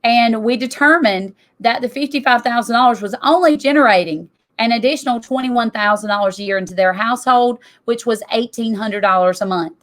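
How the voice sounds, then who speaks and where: Middle-aged woman, a touch higher voice, emphatic and conversational; presenting to an audience. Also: a little fast, few pauses. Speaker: tax business owner.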